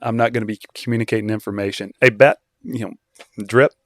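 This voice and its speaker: A man hosts a casual podcast, posing questions in a measured way with frequent fillers. His voice is on the low side. The recording is dry and close. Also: fairly even intonation, no room sound. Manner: asks measured questions, with um and you know. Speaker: podcast host.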